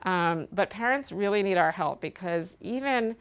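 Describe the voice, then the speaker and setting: A woman's voice: mid-range voice, lively intonation, moderate pace, smooth, dull audio. A middle-aged woman, a parenting educator, giving an earnest talk to an audience, telling a personal story with frequent ums. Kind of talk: speaking to an audience at an event.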